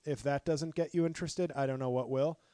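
Hoarse middle-aged comic, solo podcast rant, profane and fired up, dry close sound. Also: male voice, medium pitch, fairly even intonation, a little fast, warm tone, dry recording. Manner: profane, passionate ranting with frequent restarts. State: hoarse, voice worn from talking. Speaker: stand-up comedian and podcast host. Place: apartment.

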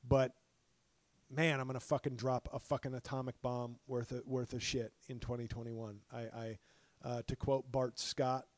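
Hoarse middle-aged comic, solo podcast rant, profane and fired up, dry close sound. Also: male voice, medium pitch, flat delivery, moderate pace, no echo. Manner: profane, passionate ranting with frequent restarts. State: hoarse, voice worn from talking. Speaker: stand-up comedian and podcast host. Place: apartment.

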